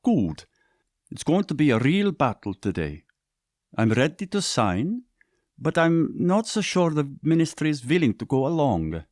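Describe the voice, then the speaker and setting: A man's voice: fairly high pitch, big pitch swings, a little slow, a little mellow, no room sound, clean studio sound, voice pushed up. A man voicing a sober, caring father and minister giving plain advice in a story reading. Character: warm, serious father and minister.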